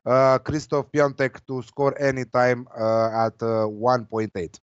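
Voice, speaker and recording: A man's voice: mid-range voice, flat delivery, measured pace, clean tone, no room sound. A man giving football betting tips in casual chat, hesitant with many fillers. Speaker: betting tipster. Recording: dull lo-fi dry sound.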